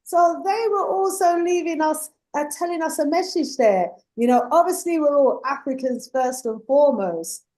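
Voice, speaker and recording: Slightly high-pitched woman hosting a live discussion show, earnest and measured, drawing out her words for emphasis and addressing her guests affectionately. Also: dark tone. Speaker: host. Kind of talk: live-show discussion, reading audience comments.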